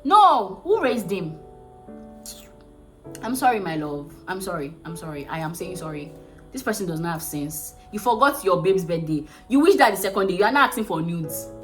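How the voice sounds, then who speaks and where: A Nigerian woman talks casually to her camera in a slightly low voice, frank and soothing by turns. Soft music plays faintly underneath. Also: lively intonation, normal speed. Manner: consoling and frank, calls viewers sweetheart. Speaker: vlogger.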